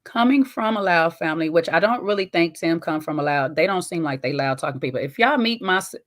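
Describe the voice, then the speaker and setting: A woman hosting a casual reaction video, chatty and folksy, with loud, laughing asides. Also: fairly low pitch, animated, a little fast. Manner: chatty and folksy, calls viewers "child" and "baby".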